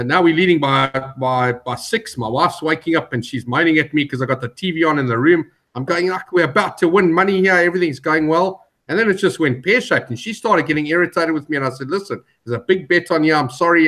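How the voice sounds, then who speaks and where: A male panelist on a sports betting show, with a voice pitched a bit high. He tells his stories in an animated way and stumbles over repeated words. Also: fairly quick, hardly any pauses. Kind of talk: casual betting chat.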